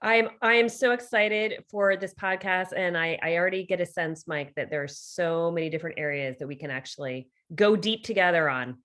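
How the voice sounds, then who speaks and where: Animated Canadian woman telling stories. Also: on the low side, brisk, few pauses. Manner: animated storytelling with quoted voices. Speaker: guest. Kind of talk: podcast interview.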